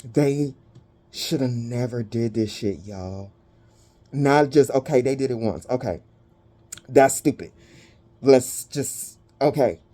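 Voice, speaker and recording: A woman giving a spiritual reading to her viewers, dramatic and blunt, swearing freely and pausing to catch her breath. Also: rumbling low, warm tone. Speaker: spiritual reader.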